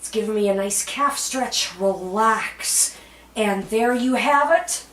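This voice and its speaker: Slow-talking woman leading a workout. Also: medium pitch. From Canada. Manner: calm cueing with bursts of cheerful whoops; chatty and self-deprecating, laughs at herself. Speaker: fitness instructor. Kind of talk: guided exercise instruction. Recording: roomy echo, voice from a distance.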